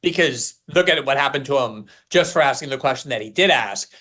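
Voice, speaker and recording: A man appearing as a guest commentator, speaking forcefully and with scorn about politics. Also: mid-range voice, lively intonation, a little fast.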